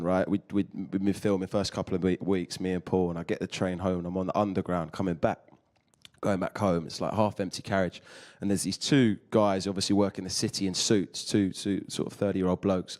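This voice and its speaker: A man with a slightly low voice rattles off a story at speed. He tells it with animation and acts out the people in it. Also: a little mellow. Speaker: actor guest. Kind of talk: anecdote on a talk show.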